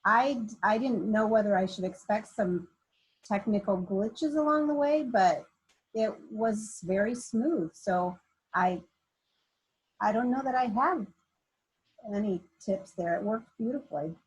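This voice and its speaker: Woman instructor, husky mid-pitched voice, modest and self-deprecating, on a video call. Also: measured pace, rough recording. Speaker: university instructor. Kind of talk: casual talk in an online meeting.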